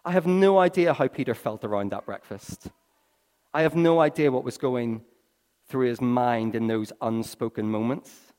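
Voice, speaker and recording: A man's voice: medium pitch, moderate pace, clean tone. Man preaching in a reverberant hall. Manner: storytelling, swinging from hushed to excited. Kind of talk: sermon. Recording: long reverb of a large hall.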